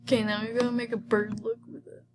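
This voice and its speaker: A young woman chatting casually over gameplay, excitable and often dropping into a whisper. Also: a little high, quick pace. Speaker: gaming video host.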